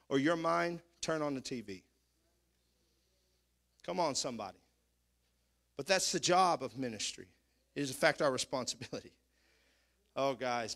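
A man preaching a sermon as pastor, swinging between quiet asides and shouted, sing-song declarations, sometimes mimicking his congregation. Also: fairly high pitch. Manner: mimics congregation members for effect.

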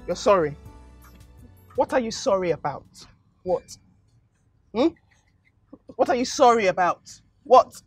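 A woman's voice: medium pitch, very animated, slow pace, long pauses, soft background music. An actress with a Nigerian accent playing a haughty, rich young woman who scolds her staff with demands. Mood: interrogating. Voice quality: scolding, demanding, rising to shouts. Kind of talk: Nollywood film acting.

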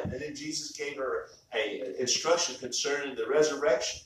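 A man's voice: mid-range voice, normal speed, fairly bright tone, slight background noise. A man preaching a sermon as pastor in a conversational style, often restarting his words as he speaks. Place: church sanctuary. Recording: far-off mic in echoey church.

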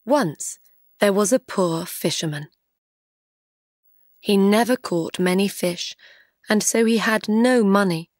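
A woman reading a simple story aloud for English learners in clear, careful narration. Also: medium pitch, takes it slowly, pauses often, darkish tone, dry recording, clean studio sound.

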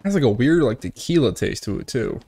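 Young man, gaming commentary, crude jokes, tipsy, sudden loud outbursts, mid-pitched voice. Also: sing-song, fairly quick, breathy edge. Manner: profane, joking, outbursts at the game. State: tipsy from whiskey. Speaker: gaming streamer. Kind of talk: casual gameplay commentary.

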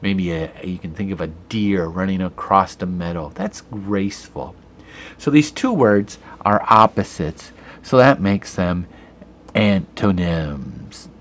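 Male teacher, lowish voice, patient step-by-step grammar explanations to camera. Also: lively intonation, takes it slowly, a little hiss or hum. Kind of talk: online grammar lesson. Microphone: computer camera mic.

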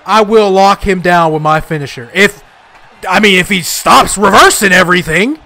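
A young man giving excitable, frustrated live commentary while playing a video game, trash-talking and yelling at the screen. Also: sits high, moderate pace, gravelly. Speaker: gaming YouTuber.

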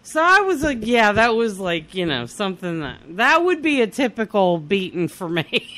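A woman's voice: medium pitch, moderate pace. A middle-aged woman hosting a casual talk show, telling stories with lots of laughter and acting out quotes. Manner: animated, laughing, acts out quotes. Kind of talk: casual chat, storytelling.

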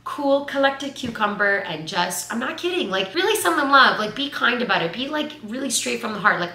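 Chatty twenties woman giving life advice, bright voice, roomy echo. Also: on the high side, brisk, few pauses. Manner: chatty, animated, says "like" a lot. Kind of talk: casual advice vlog. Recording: echoey room.

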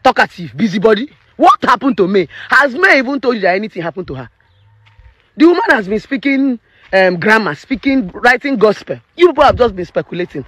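A woman's voice: a little high, big pitch swings, a little fast, fairly bright tone, dry recording. Emphatic Nigerian woman ranting. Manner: emphatic and preachy, slipping into Pidgin. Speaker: relationship therapist. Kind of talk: opinion vlog rant.

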